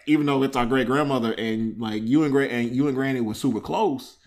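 A young man hosting a casual podcast chat, teasing his brother and telling lively family stories with plenty of laughter. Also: mid-range voice, fairly quick. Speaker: podcast host.

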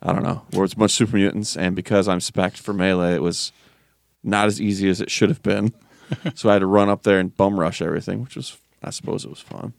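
Low gravelly man, wry and joking. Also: steady tone, fast, dry recording, clean studio sound. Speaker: podcast co-host. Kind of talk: casual gaming chat.

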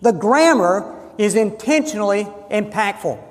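A man preaching a sermon, emphatic, slowing and lifting his voice on key phrases. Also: high voice, expressive, long reverb tail. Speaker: pastor.

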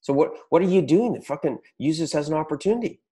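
Fast and animated, his fairly high voice carries a dark tone. The podcast host curses often as he fires up business owners with a blunt, energetic pep talk.

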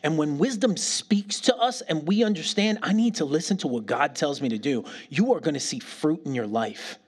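A middle-aged pastor preaching a sermon, telling stories with animated bursts and falling to a near whisper when he prays. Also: fairly high pitch, normal speed, breathy edge. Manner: animated storytelling, dropping to a near whisper in prayer.

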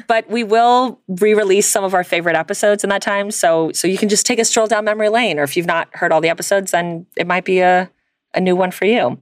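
A woman's voice: medium pitch, steady tone, fairly quick, dry recording, studio quality. A woman co-hosting a podcast in casual, profane chat, laughing often and calling her co-host "girl.".

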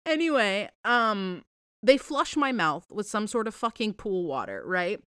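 A woman podcast host chatting casually from home, her pitch swinging up and down as she rambles through a story. She swears freely and talks in an animated, offhand way. The sound is dry and close, with no room echo. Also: measured pace, clean tone.

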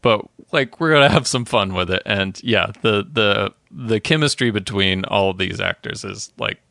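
A relaxed man talking through a TV episode on a podcast, laughing easily and slipping into the characters' lines. His voice is bright and forward. The sound is close and dry, with no room around it. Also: fairly low pitch, normal speed, gravelly, no echo. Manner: laid-back, laughs often, acts out characters' lines. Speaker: podcast co-host. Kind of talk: casual chat, recapping a TV episode.

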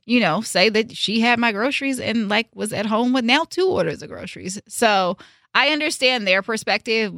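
A woman hosting her own show, telling a story in a casual, animated way and acting out the people in it. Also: medium pitch, no room sound, studio quality. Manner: animated, emphatic, acts out quotes. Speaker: host. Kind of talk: storytime vlog, casual chat.

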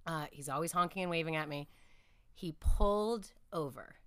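A woman's voice: sits low, normal speed, clean tone, dry recording. A woman speaking as a podcast guest, telling reflective, earnest stories about her faith in a conversational interview.

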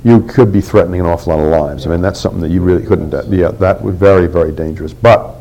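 A man's voice: low voice, fast talker, mellow, slight background noise, low-quality recording. An older man telling a candid story from his past in an oral history interview, acting out what others said.

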